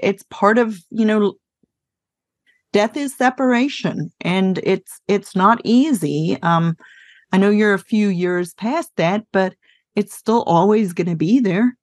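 A woman hosting an interview, asking gentle questions and reassuring her guest. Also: mid-range voice, takes it slowly, dry recording, clean studio sound. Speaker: podcast host.

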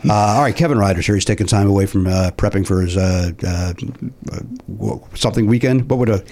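A man's voice: lowish voice, brisk, darkish tone. A middle-aged man hosting a podcast in casual chat, self-deprecating, laughing often and trailing off with fillers. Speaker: podcast host.

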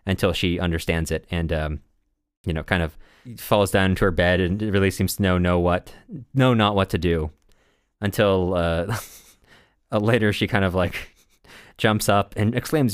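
A man co-hosting a podcast, casually recapping a novel in a halting, rambling way with many restarts and frequent laughs. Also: deep voice, no echo, clean studio sound. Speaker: podcast co-host.

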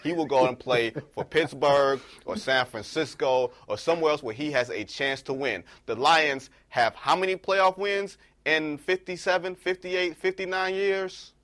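A man co-hosting a sports talk show, telling stories in a casual, animated way and pushing his voice up for emphasis. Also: fairly high pitch, normal speed, hardly any pauses. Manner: animated storyteller, rising to emphatic peaks.

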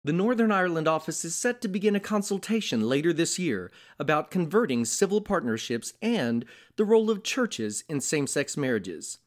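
A male news anchor reading scripted headlines in a steady, measured way. His voice sits a little high for a man and moves up and down a lot as he reads. He keeps an even, practiced pace through each story.

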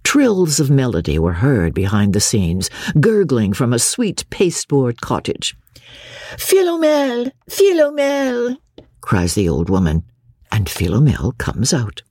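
A woman reads a classic novel aloud in a close, dry studio sound. Her pitch swoops widely as she lifts her voice for quoted characters. Her tone has a soft husk to it. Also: sing-song, unhurried, breathy edge, dry recording. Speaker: audiobook narrator. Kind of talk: classic novel audiobook reading.

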